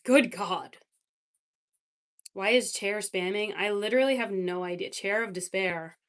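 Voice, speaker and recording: A woman's voice: mid-range voice, unhurried, fairly bright tone. A woman livestreamer in casual chat, reacting to chat messages with lots of fillers.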